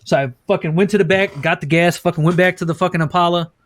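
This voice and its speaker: High-voiced, profane podcast host. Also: male voice, fast talker. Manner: profane, laughing, animated storyteller. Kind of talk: casual storytelling chat.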